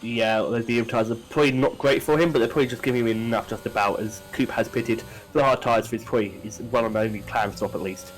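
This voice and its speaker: A man's voice: mid-range voice, steady tone, fast, few pauses, a little hiss or hum, poor audio. A man giving chatty live commentary on a sim race, with many fillers and restarts.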